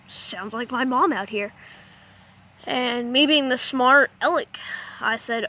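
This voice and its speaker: A woman spins a silly adventure yarn in a high, bright voice. She jokes at her own expense and makes her own mouth sound effects. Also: very animated, unhurried, long pauses. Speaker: storyteller. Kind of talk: playful comic storytelling.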